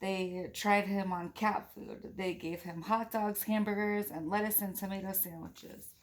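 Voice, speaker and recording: A woman's voice: mid-range voice, steady tone, measured pace. A woman reading a picture book aloud to her children, playful and giggly, breaking off for chatty asides and animal noises.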